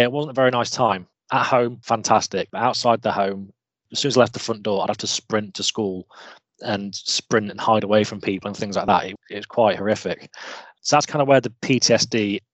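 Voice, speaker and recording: Earnest British man, low dry voice. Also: dry recording, low-quality recording. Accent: British English. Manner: open, earnest, self-deprecating, many restarts. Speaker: interview guest, mechanical engineer. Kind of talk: candid conversational interview.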